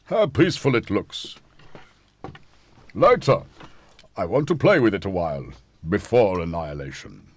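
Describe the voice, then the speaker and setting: A gloating alien conqueror. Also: male voice, lowish voice, lively intonation, unhurried, pauses often, no echo.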